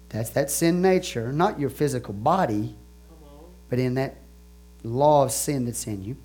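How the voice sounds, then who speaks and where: A man preaching a sermon as pastor, animated, swinging between soft asides and loud exclamations, stretching key phrases slowly. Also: medium pitch. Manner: laughs and asks the congregation questions.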